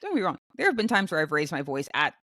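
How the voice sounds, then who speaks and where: A young woman co-hosting a casual podcast, telling a story with many restarts and fillers, and jumping much higher when she acts out her own outbursts. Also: huge pitch swings, fast talker, fairly bright tone. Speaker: podcast co-host. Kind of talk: casual chat.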